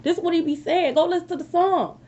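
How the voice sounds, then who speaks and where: High-pitched woman doing a tarot reading, keeps saying okay, kinda muffled lo-fi sound. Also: quick pace. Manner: animated, repeats phrases, frequent "okay?" asides. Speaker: tarot reader. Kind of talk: casual tarot reading to viewers.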